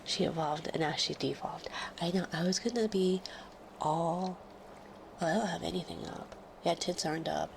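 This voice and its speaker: A woman chatting casually on her live stream while sick with a fever, often dropping into soft whispers. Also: on the low side, fairly even intonation, gravelly, noisy background. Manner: slow and soft, drifting into whispers. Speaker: livestreamer. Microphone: close studio microphone.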